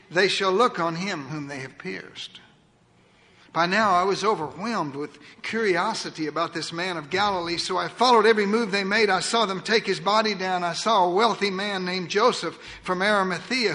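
A man delivers a theatrical sermon, telling it in the first person as a witness. His voice sits high and sounds bright and forceful, dropping to a near whisper and then rising to a boom. The sound carries the long reverb of a large hall. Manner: theatrical, swings from booming to hushed. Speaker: preacher.

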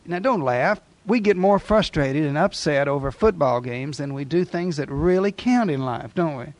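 A male preacher delivering a sermon with a fairly high voice. He speaks with emphasis and drives his points home with repeated rhetorical questions to his listeners. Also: expressive, normal speed.

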